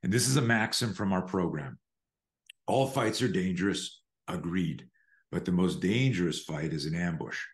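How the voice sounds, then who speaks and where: A man's voice: low-pitched, normal speed, echoey room. An older man, a self-defense instructor, telling a story in an interview and acting out the quotes. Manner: animated storyteller, acts out quotes.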